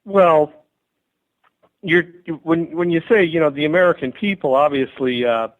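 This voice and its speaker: A man calling in as a guest commentator, giving measured political views with frequent hesitations. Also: fairly high pitch, dry recording. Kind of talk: political commentary on a call-in interview. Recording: dry, tinny phone line.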